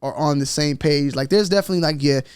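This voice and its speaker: A man's voice: on the high side, fast talker, clean tone, no echo, studio quality. A man hosting a podcast in casual chat, a little tipsy, telling stories loosely and mimicking other people's voices. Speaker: podcast host.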